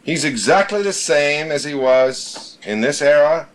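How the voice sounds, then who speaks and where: A man's voice: fairly high pitch, animated, measured pace, slight background noise. A man leading a small-group Bible study, teaching emphatically, repeating his points and reading scripture aloud.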